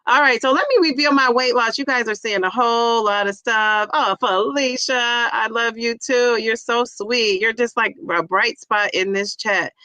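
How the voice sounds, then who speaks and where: A woman's voice: on the high side, normal speed, few pauses, bright, forceful tone, no echo. A middle-aged woman hosting a casual livestream, chatty and laughing often as she greets viewers by name. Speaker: livestream host reading chat. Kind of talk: casual live chat.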